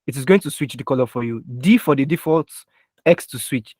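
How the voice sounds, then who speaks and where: A young man teaches a live online design class, spelling out keyboard shortcuts step by step and often checking that students are keeping up. His medium-pitched voice is a little fast and darkish, picked up dry by a computer mic with keyboard taps audible.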